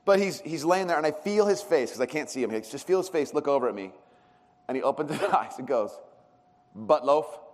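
A man preaching a sermon as a pastor, telling stories with animated swings in pitch and loudness. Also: fast talker. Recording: long reverb of a large hall.

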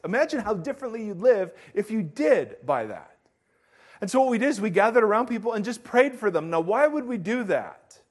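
A man preaching a sermon to his congregation, reading scripture aloud and joking with the crowd in an animated way. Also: a little high. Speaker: pastor.

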